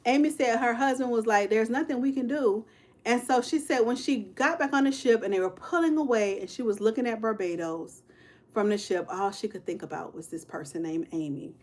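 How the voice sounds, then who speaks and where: A woman's voice: a little high, brisk, a little mellow. A woman in her fifties hosting a casual true-crime livestream, speaking straight to her viewers with "y'all", "child" and "honey" and answering their comments as she goes. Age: 50s. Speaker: livestream host.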